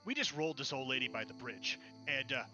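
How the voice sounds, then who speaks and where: A man voicing a desperate, rough-talking male half-orc thief who pleads and swears to strike a deal. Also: medium pitch, lively intonation, fast, bright, forceful tone, dull audio, soft background music. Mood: wheedling.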